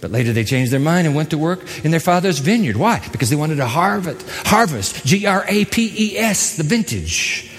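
A man's voice: on the high side, normal speed. A man preaching a sermon as pastor, dramatic and emphatic, acting out the voices in the story. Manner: dramatic, acts out quoted voices, lively emphasis. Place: church hall. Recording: long hall reverb.

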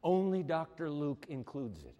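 A man preaching a sermon, dramatic, swinging between loud exclamations and hushed, tender passages. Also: fairly high pitch, big pitch swings, moderate pace, big-room sound, dull audio.

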